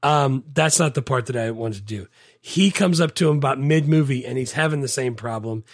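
A man's voice: mid-range voice, a little fast, no room sound, clean studio sound. A man co-hosting a podcast in casual movie chat, animatedly acting out lines from a film in raised voices. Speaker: podcast co-host.

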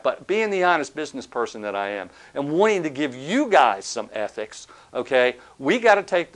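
A male professor lecturing in a relaxed, conversational way, his voice sitting a bit higher than most men's. He checks in with the class often and drifts into stories to make a point. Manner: conversational, asks the class questions; tells anecdotes to make a point. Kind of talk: recorded accounting lecture.

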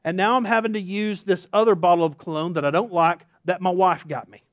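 A man's voice: sits high, steady tone, a little fast, dry recording, clean studio sound. A middle-aged man, a pastor, preaching a sermon in a storytelling, self-deprecating way that mixes humor into his points.

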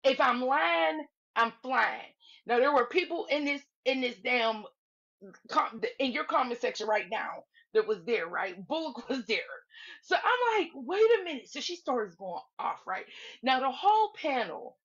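A woman casually recounting a livestream drama, acting out everyone's lines with big jumps in her voice and frequent laughter. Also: measured pace. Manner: animated, acts out quotes with big pitch jumps and laughter. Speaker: live stream commentator. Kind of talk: casual storytelling recap. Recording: slightly dull lo-fi audio.

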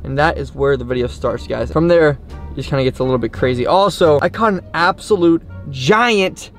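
Excitable hyped-up fishing vlogger man. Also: on the high side, moderate pace, soft background music. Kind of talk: casual vlog talk to camera.

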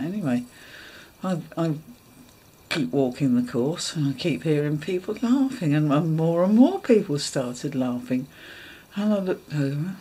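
A woman's voice: low voice, animated, a little slow, dark tone, slight background noise. A woman telling a funny personal anecdote in a chatty way, often laughing and acting out her own thoughts. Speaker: dog agility vlogger. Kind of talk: casual anecdote.

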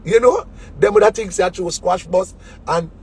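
A man's voice: high voice, darkish tone, husky. A man with a Jamaican accent in a casual comic rant, mocking people and dropping into sneering quoted voices. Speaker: DJ ranting on a web show.

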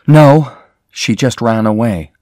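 A man's voice: medium pitch, slow pace, darkish tone, no echo, studio quality, voice pushed up, natural voice. A man reading the lines of an anxious young woman searching for her missing sister, in a pleading, strained tone. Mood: worried, pleading.

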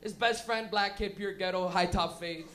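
Male stand-up comic, very high voice, rowdy and profane, full of impressions. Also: normal speed, background noise. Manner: profane, animated, laughing, acts out characters. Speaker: stand-up comedian hosting. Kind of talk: stand-up comedy. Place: comedy club stage.

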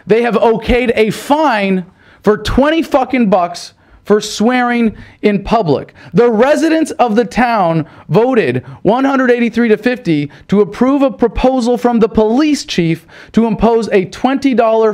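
A man delivering an angry, profane political rant, shouting and swearing with heavy emphasis. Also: high-pitched, animated, unhurried. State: pissed off. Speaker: political commentator.

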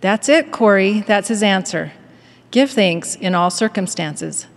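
A woman's voice: mid-range voice, measured pace, long reverb tail. A woman reading as an eager, faithful sister. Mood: excited. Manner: excited, gently urging.

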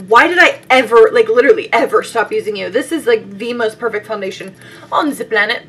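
Bright, chatty young woman vlogger. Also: fairly high pitch, breathy edge. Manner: chatty and bubbly, laughing often, with lots of "like". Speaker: beauty vlogger. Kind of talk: casual makeup favorites vlog.

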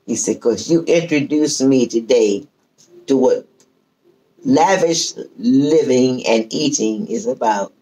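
A woman with a bass voice, the host, slowly relates a family story during casual chat. She plays out each person's lines with lively flair.

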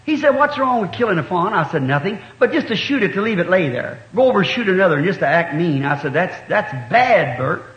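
A man's voice: high-pitched, big pitch swings, fairly quick, few pauses, fairly bright tone. A middle-aged man, preaching a sermon and telling a hunting story in a folksy way, acting out the dialogue. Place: church hall. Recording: dull echoey old church tape.

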